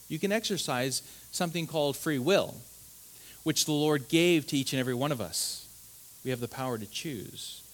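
A man with a somewhat high voice preaches a sermon. He speaks earnestly and with emphasis, often stammering into restarts and tossing in rhetorical questions. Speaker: pastor.

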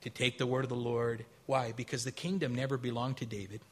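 A man preaching a sermon in a husky, slightly breathy voice. He is a pastor who tells stories and acts out quotes in a casual, folksy way. His delivery swings between loud, excited high bursts and hushed, intense lows. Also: fairly quick.

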